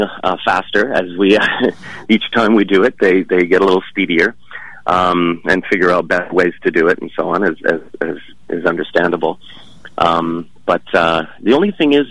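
A man with a very deep voice answers interview questions about performing. He talks in a relaxed, halting way, full of fillers and restarts. The recording is dry and close. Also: gravelly, no echo, rough recording. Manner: hesitant, many fillers and restarts, chuckling. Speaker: stage actor, interviewee.

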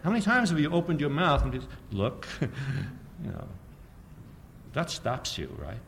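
A man giving a public history lecture, sardonic and animated, firing off rhetorical questions and often chuckling at his own points. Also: a little high, a little slow, gravelly, slight background noise.

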